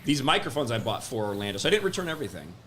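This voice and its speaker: A man's voice: medium pitch, sing-song, rapid-fire, fairly bright tone. An easygoing man co-hosts a casual panel show and laughs readily. His voice sits mid-range but moves a lot. Faint noise sits behind him. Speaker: co-host. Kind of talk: casual livestream panel chat.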